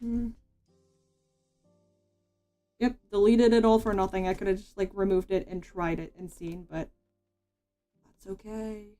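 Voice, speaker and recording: A woman's voice: medium pitch, fairly even intonation, moderate pace, dark tone. Woman streamer rambling while she draws, lots of likes and restarts, faint music in the back. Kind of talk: casual chat while drawing.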